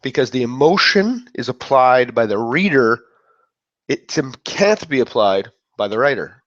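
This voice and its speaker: A man with a medium-pitched, sing-song, fairly bright voice speaks a little slowly in a casual motivational talk. He rambles, cuts off his own thoughts, and dramatizes other people's reactions. The recording is dull, lo-fi, and dry, with no echo.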